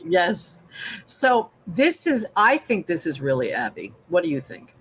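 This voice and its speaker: A co-host in a casual recap chat, chiming in with theories and quick to laugh. The pitch moves a lot. A faint hiss sits under the recording. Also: wildly swooping pitch, a bit bright, low-quality recording. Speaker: podcast co-host.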